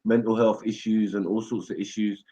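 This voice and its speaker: A man's voice: fairly low pitch, little pitch movement, normal speed, dark tone, muffled recording. A man, talking in laid-back, mumbling slang.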